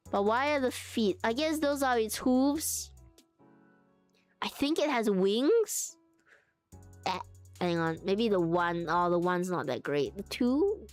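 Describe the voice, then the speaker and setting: Chatty young woman streaming, faint music behind. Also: mid-range voice. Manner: chatty, giggly, thinks aloud while crafting. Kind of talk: casual live-stream chat.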